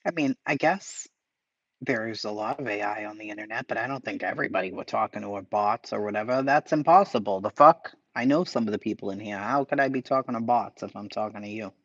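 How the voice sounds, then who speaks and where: A man's voice: on the low side, brisk, a bit bright, no echo, dull audio. A man hosting a casual livestream, reading chat aloud with profane, sarcastic asides and mutters. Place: home, dogs barking nearby.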